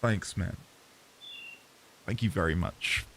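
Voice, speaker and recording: A man's voice: low-pitched, slow, gravelly, fairly bright tone, slight background noise. A man streaming a video game, chatting with viewers in a self-mocking, laughing way. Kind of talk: live game commentary. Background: game music.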